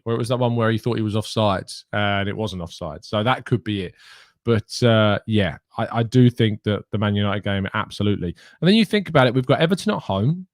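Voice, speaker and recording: A man's voice: lowish voice, no echo, studio quality. A man hosting a live show, chatting casually, reading out and answering viewers' questions. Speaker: host. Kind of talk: casual chat.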